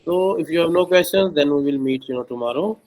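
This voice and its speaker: A man teaching a one-on-one online language lesson, pausing often with fillers. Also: on the high side, a little mellow, poor audio. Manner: hesitant, many "uh" and "you know".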